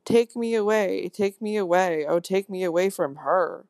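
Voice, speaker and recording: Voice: medium pitch, animated, normal speed, creaky, no echo. A reader voicing a hard, sullen little girl who speaks in cold, curt, petulant phrases. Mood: wailing.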